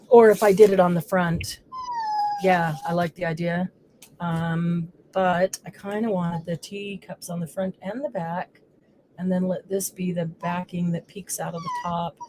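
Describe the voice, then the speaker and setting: A woman's voice: on the low side, a little mellow, a little hiss or hum. A woman hosting a live crafting stream, chatting casually as she works. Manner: chatty, coos baby talk to her dog. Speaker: crafting show host.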